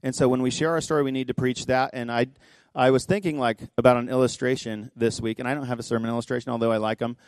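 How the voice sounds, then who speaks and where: A man pastor giving a sermon in a church, telling a story conversationally with quick asides. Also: mid-range voice, steady tone, no room sound. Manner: impassioned, rising to near-shouting pleas. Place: church sanctuary.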